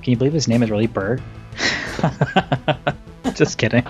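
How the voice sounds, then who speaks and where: A man's voice: medium pitch, very fast, darkish tone, faint music behind. A man hosting a podcast in casual chat, joking and teasing his co-host.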